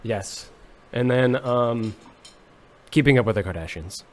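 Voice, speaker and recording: A young man, a musician, on a podcast, chatting casually in a deadpan, mock-serious joking way. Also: medium pitch, a little slow, slight background noise. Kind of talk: casual comedic chat.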